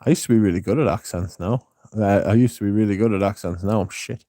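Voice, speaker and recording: A man's voice: lowish voice, quick pace, mellow, no room sound, clean studio sound. A man hosting a casual livestream, rambling, swearing freely and reading out chat, with a slightly sore throat. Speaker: livestream host.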